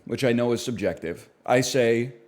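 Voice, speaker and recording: A man's voice: mid-range voice, moderate pace, a little mellow. Wry, rambling man chatting on stream. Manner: rambling, wry, mock-serious bits. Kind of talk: casual chat riffing on his own jokes.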